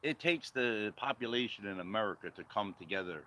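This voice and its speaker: A man's voice: on the low side, animated, brisk, sharp tone, low-quality recording. A man giving blunt, confrontational political commentary, firing off repetitive rhetorical questions at the viewer. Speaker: vlogger.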